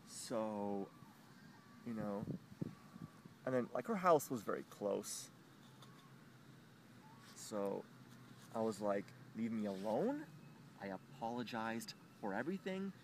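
Here a man tells a meandering, foul-mouthed tale of a neighbour feud, stumbling along with plenty of fillers and squeaking out the other characters' lines in high voices. The sound is slightly mellow, with a little hiss or hum.

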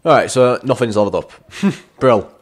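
A man giving chatty let's-play game commentary, addressing viewers as lads and breaking into frustrated shouts at the game. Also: mid-range voice, normal speed, faint music behind. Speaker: gaming YouTuber.

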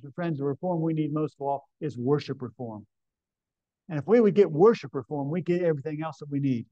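Preaching at a camp meeting, a pastor with a fairly high, warm voice reads scripture with emphasis and keeps questioning the congregation throughout his sermon. The recording is lo-fi, dry and dull.

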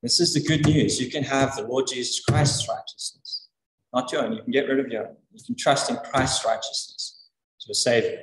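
A man preaching a sermon in an earnest, animated way, repeating words for emphasis. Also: mid-range voice, normal speed. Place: church. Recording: echoey church hall.

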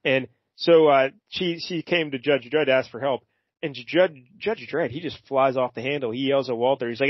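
A man chats through a comic story in a rambling, unhurried way, tossing in fillers as he goes. His voice sits in a middle pitch. The sound is dry and a little muffled. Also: no echo. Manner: rambling, hesitant, with brief character voices. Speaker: podcast co-host. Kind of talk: casual comic book discussion.

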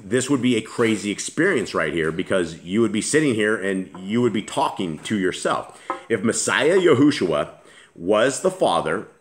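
A man reading scripture aloud and commenting on it as a Bible teacher, earnest and emphatic, often restarting his sentences. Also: on the low side.

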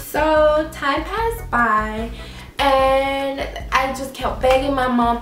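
Young woman vlogger, high-voiced and dramatic, recorded in an echoey room with faint music behind. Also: extremely slow, recorded from a distance. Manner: animated, dramatic, mimics mom, laughs often. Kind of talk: casual storytelling vlog.

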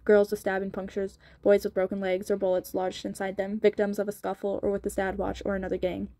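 A woman narrating a novel in a sped-up audiobook reading, with a steady delivery and small slips. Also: mid-range voice, a little fast, no echo.

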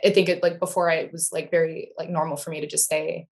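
Thoughtful low-voiced woman guest. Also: flat delivery, fast talker, creaky. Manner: thoughtful, hesitant with many ums. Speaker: podcast guest. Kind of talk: casual podcast chat.

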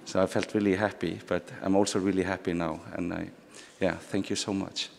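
A man from Iceland giving a halting, soft-spoken acceptance speech. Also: deep voice, level tone, creaky. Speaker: prize winner. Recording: long reverb of a large theatre.

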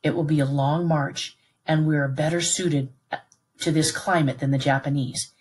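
A woman's voice: sits low, steady tone, moderate pace, a little mellow, lightly acted. A woman reading as an earnest, protective father. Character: protective British plantation father, middle-aged man, steady. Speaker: read-aloud narrator voicing a character.

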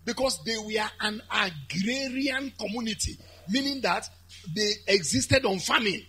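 A man with a Nigerian accent preaching a lively sermon, building to shouted, chanted high points. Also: a little slow, husky. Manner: animated, shouting and chanting at peaks.

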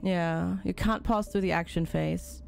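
A woman's voice: on the low side, fairly even intonation, a little slow, gravelly, darkish tone, soft background music. A woman casually commenting on a game during a live stream, reading on-screen tutorial text aloud and chatting with and thanking viewers.

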